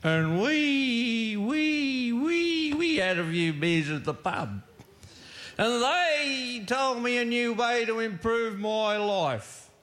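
A middle-aged drunk husband, as a man acts him out, stammers through his rebellious boasts in a thick, slurred voice. The voice sits high and swoops widely. Every word is dragged out very slowly. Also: lively intonation, fairly bright tone, exaggerated voice. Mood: boastful drunk.

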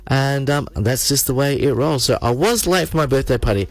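A man's voice: mid-range voice, animated, a little fast, no echo. A man, a radio host telling a rambling story in casual studio banter, full of restarts.

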